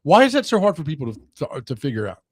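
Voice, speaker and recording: Male radio host, slightly higher voice, teasing banter, dry studio mic. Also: huge pitch swings, rapid-fire, no echo. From Nashville. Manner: joking, teasing. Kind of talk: casual sports radio banter. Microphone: studio microphone.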